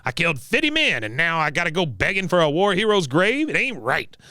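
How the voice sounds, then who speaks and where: A man's voice: a little high, very animated, a little fast, bright, forceful tone, no echo, clean studio sound, pitched above the performer's own voice, heavily acted. A man putting on the voice of a mean, boastful old male war veteran who brags and insults people. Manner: gruff, bragging, insulting.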